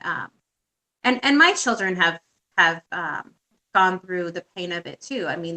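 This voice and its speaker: A woman guest speaking reflectively and haltingly in a personal conversation, with frequent pauses. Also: fairly low pitch, pushed and bright, poor audio.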